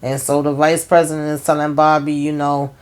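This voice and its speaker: A woman with a low voice talks through a TV episode in a relaxed, chatty way. She retells each scene as quoted back-and-forth dialogue, full of fillers and asides. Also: a little fast. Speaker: TV recap host. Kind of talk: casual episode recap.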